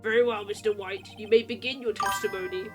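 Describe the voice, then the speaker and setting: A woman voicing a stern, calm older male judge in a video game, speaking in a measured, formal way. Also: mid-range voice, music in the background, natural voice.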